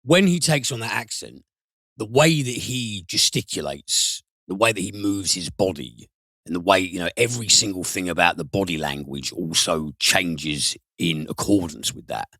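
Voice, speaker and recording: Man, podcast film reviewer, low-pitched, dry close sound, animated, swears. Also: moderate pace, no room sound. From United Kingdom. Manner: animated, swears, mimics voices with big pitch jumps.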